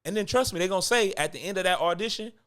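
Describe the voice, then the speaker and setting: Rapid-fire and expressive, this acting coach has a high, clear, resonant voice with a bit of brightness. Speaking close to the microphone in a casual, conversational way, he restates points for emphasis and laughs softly between lines.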